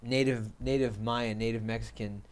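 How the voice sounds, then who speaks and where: A man's voice: medium pitch, steady tone, normal speed. A man hosting a casual podcast interview, rambling with many fillers as he asks questions. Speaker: podcast host.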